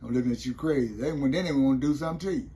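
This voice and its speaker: A man's voice: mid-range voice, rapid-fire, mellow, a little hiss or hum. An older man, telling about his time in prison in a loose, rambling way and often asking "you know what I mean". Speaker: interview guest, former prisoner. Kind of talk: casual storytelling interview.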